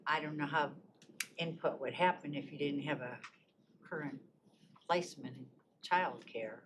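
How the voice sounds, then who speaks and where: A woman's voice: sits low, moderate pace. A woman commissioner questioning staff at a committee meeting, polite but skeptical. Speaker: county commissioner. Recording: noisy public meeting room.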